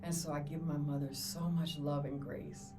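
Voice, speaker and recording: A middle-aged woman guest on a podcast, a doula, telling her stories in an animated way and acting out the people she quotes. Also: deep voice, normal speed. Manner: animated storyteller, acts out quotes, laughs often. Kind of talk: casual storytelling interview. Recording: distant mic with clear music behind.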